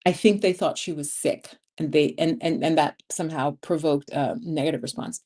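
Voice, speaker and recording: A woman's voice: low voice, moderate pace. A woman in her fifties hosting a casual livestream, chatting and laughing as she reads viewer comments. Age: 50s. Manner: chatty, laughs often, animated storytelling. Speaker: livestream host.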